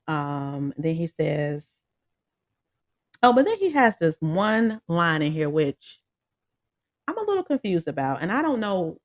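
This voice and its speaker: A casual music reviewer rambles through thoughts on a song, full of fillers, laughs and direct asides to the audience. The voice sits at an ordinary middle pitch. It is recorded close and dry, with no room sound. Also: dry recording. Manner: rambling and animated, with many fillers and frequent laughs; talks straight to viewers.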